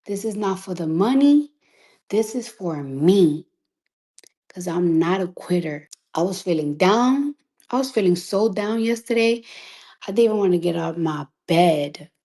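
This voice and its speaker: A woman's voice: mid-range voice, warm tone, low-quality recording. A woman, giving a defiant, emphatic and profane monologue. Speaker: rapper. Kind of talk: impassioned monologue.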